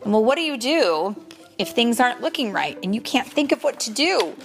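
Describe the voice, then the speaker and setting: A woman doing a slow, musing frog. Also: on the high side, very animated, soft background music, pitched above the performer's own voice. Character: fretful, clever old male frog. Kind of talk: storybook read-aloud.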